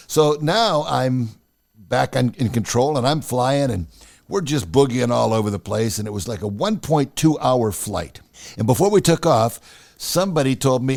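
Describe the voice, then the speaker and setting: A man's voice: mid-range voice, normal speed, creaky. A man hosting a podcast, telling a personal story in a casual way and acting out the dialogue as he goes. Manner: animated, acts out the dialogue. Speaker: podcast host.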